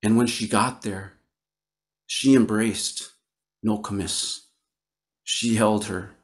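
A man from Northern Wisconsin tells a traditional story at an unhurried, very slow pace. His voice sits a bit low, and he lets pauses and repeated words carry the telling gently. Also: steady tone. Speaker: Ojibwe storyteller. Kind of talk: oral storytelling. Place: online virtual event.

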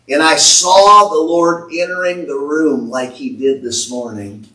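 A man preaching a prophetic sermon from the pulpit, slowly declaiming words he says he heard from the Lord. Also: fairly high pitch, pushed and bright. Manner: slow, declaiming prophecy in the Lord's voice with rising intensity. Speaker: pastor. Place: church sanctuary. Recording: echoey church from far off.

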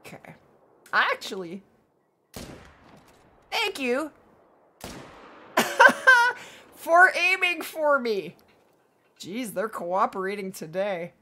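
A woman streamer chats with her viewers while playing, upbeat and quick to laugh, her voice hoarse after a long week of streaming. Her tone is bright and crisp, and her pitch swings widely, jumping high when she gets excited and dropping low when she goes quiet to aim. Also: slight background noise. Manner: upbeat, chatty, reads chat aloud, quick to laugh. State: losing her voice. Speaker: livestream gaming host. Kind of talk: casual livestream chat while playing.

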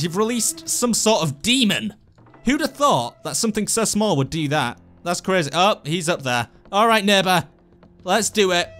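A man giving lively, jokey gameplay commentary as a let's play host, talking to the characters on screen. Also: sits high. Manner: excitable, jokey, talks to the game characters.

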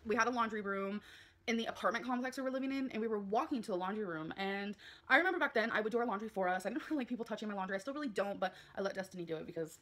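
A woman vlogger telling a personal story in a rambling, halting way, full of fillers. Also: mid-range voice, a bit bright. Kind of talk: confessional vlog.

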